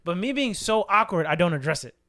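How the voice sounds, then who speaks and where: A man hosts a casual podcast and tells a story with plenty of energy. His voice sits a little high for a man. He laughs often as he talks. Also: animated, fast, sharp tone. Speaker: podcast host.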